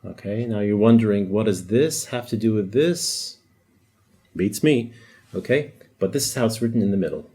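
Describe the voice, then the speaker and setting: A man's voice: fairly low pitch, moderate pace, warm tone, breathy edge. A man teaching a language lesson, explaining patiently, demonstrating sounds and joking lightly. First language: Arabic. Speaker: Arabic teacher. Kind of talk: casual whiteboard lesson.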